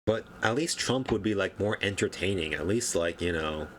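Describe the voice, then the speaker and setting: Young male vlogger, deep voice, loose offhand delivery for casual commentary. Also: normal speed, slight background noise. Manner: rambling, offhand, chuckles at his own points. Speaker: political commentary YouTuber.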